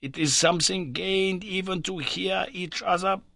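A man voicing an older scholarly uncle who speaks slowly and reassuringly, with a raised pitch. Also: creaky, bright, forceful tone, no room sound, full character voice. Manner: slow, deliberate and reassuring. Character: older male scholar uncle, steady and encouraging.

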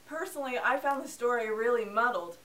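A woman's voice: fairly high pitch, fairly quick, a bit bright, far from the mic, slight background noise, low-quality recording. A woman hosting a casual film review show, talking in a playful, sarcastic, joking manner. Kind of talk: casual scripted movie review.

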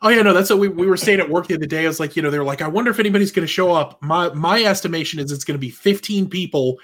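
A man with a voice pitched slightly high co-hosts a casual podcast. He agrees a lot with short "mm-hmm"s and "oh yeah"s and drops dry jokes in between. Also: rapid-fire, a bit bright. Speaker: podcast co-host. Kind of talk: casual chat.

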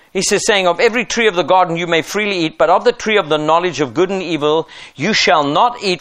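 A man's voice: sits high, fairly bright tone. A middle-aged man preaching a sermon as pastor, emphatic and driving his points home with rhetorical questions.

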